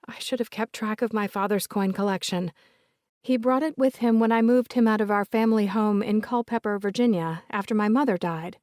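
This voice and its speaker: Woman reading a soft-spoken older Southern lady. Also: medium pitch, brisk, no room sound, clean studio sound, voice pushed up, natural voice. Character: older Southern woman, polite, remorseful about her late father.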